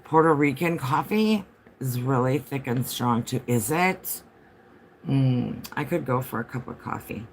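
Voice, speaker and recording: A man's voice: medium pitch, animated, measured pace, slight background noise. Male livestreamer at home, mid-range voice, chatty and meandering, talks straight to viewers. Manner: rambling, chatty, answers viewer comments. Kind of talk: casual livestream chat.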